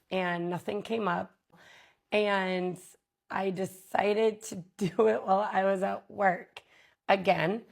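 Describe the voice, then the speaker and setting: A woman vlogger telling a personal story in a candid, halting way, with many pauses and fillers. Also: fairly low pitch, gravelly.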